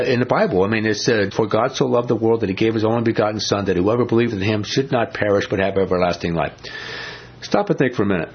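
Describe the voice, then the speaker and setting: Captured in a dull, lo-fi recording, a husky-voiced man preaches in a conversational style. He asks his audience questions, and his delivery turns low and slow for scripture quotations.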